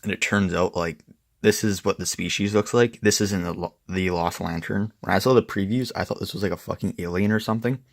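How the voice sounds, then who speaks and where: A man's voice: low voice, steady tone, fairly quick, creaky, dry recording, studio quality. A young man reviewing a comic book in casual, rambling, profane chat, full of "like" and "and stuff". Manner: rambling, profane, filler-heavy.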